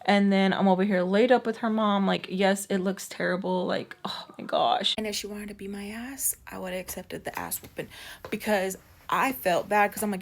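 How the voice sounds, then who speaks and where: A woman's voice: medium pitch, steady tone, moderate pace. A young woman telling a personal story on her vlog in a chatty way. She fills it with "like", acts out the dialogue and swears freely.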